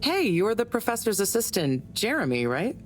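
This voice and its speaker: A woman's voice: medium pitch, very animated, normal speed, soft background music, lightly acted. An actress playing a chatty, indiscreet middle-aged woman scientist in a game. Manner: chatty, gossipy.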